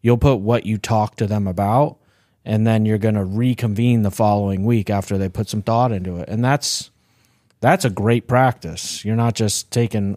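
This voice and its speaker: Podcast host, man, lowish voice, jokey storyteller, dry close mic. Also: steady tone, normal speed, dark tone, no echo. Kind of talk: casual conversation.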